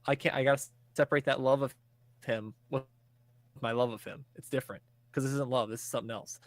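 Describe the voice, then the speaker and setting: A man on a podcast talks through a show's plot in a loose, rambling way, sprinkling in laughs and casual swearing. His voice sits at a middling pitch. The sound is close and dry, with no room around it. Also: fairly even intonation, fast talker, no room sound. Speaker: podcast co-host. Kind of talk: casual show recap.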